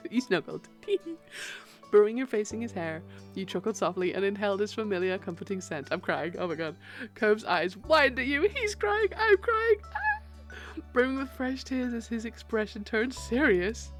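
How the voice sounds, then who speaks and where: A woman streamer reading a dating game aloud and reacting, excitable, squealing and laughing often. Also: medium pitch, moderate pace, faint music behind. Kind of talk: live game read-along and commentary.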